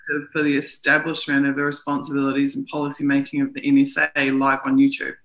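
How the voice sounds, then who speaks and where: A woman reads official text aloud on a live stream, pausing to comment on it. Her voice is bright and forceful. The sound is roomy and echoey, as if from a video call mic. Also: rumbling low, completely flat delivery. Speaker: co-host analysing documents. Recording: roomy echo.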